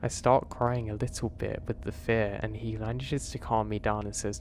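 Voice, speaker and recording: A man, narrating a first-person horror story in a steady, earnest way. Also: fairly low pitch, moderate pace, few pauses, slight background noise.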